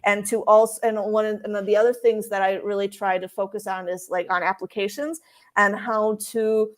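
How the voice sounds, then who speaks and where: A woman interviewed as a career coach for expats, talking casually with frequent restarts and filler words. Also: medium pitch.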